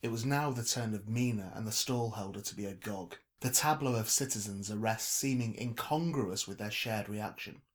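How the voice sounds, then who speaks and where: Measured male audiobook narrator. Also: fairly low pitch.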